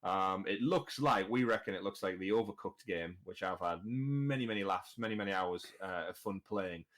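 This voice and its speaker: A man's voice: deep voice, normal speed, fairly bright tone. A British man hosting a casual gaming podcast, chatty and leading each segment. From Britain. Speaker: podcast host.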